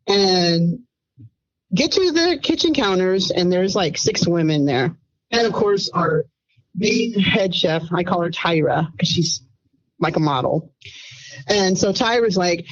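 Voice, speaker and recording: A woman's voice: mid-range voice, unhurried, muffled recording. Rambling caller, woman in her fifties. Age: 50s. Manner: rambling, animated, acts out others' voices. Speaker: anonymous caller. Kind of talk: casual storytelling.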